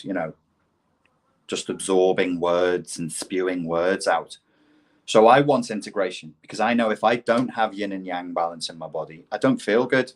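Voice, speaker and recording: A man from Liverpool talking casually on a livestream Q&A about philosophy, rambling and emphatic with the odd swear word. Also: lowish voice. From Liverpool, England. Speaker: online philosophy and self-help talker.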